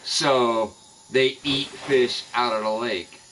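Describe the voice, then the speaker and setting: Bright-voiced man in a profane rant. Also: medium pitch, steady tone, takes it slowly, slight background noise, rough recording. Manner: profane, angry ranting. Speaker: streamer playing a fishing game. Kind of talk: live gaming stream rant.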